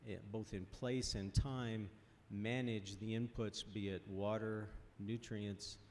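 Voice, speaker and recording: A man speaking on a workshop panel, out of breath and halting, with many restarts. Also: lowish voice, steady tone, a little hiss or hum. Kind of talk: panel discussion.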